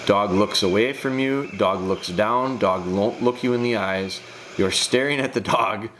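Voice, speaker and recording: A man's voice: lowish voice, a little slow, a bit bright, a little hiss or hum. A man breaking down a dog training video, talking straight to the handler in a direct, coaching way and repeating phrases for emphasis. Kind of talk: casual video breakdown commentary.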